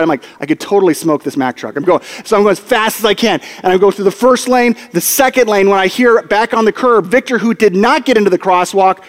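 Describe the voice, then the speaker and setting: A man preaching in a church, telling a story with comic energy and acting out the voices of the people in it. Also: high-pitched. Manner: animated, comic storytelling with acted-out quotes. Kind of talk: storytelling sermon. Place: church hall. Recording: long hall reverb.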